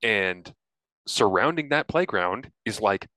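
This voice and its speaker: A man's voice: on the low side, animated, slow pace, sharp tone, dry recording. A man in his thirties, a podcast co-host chatting casually and telling stories with a self-deprecating laugh; he has a cold and a cough. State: sick with a cough. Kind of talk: casual chat.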